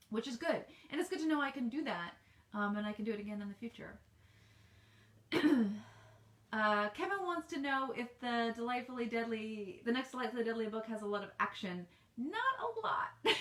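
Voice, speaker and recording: A woman with a medium-pitched, slightly bright voice takes reader questions on a casual livestream. She's an American author in her home office, rambling with plenty of ums and restarts, and the sound is roomy.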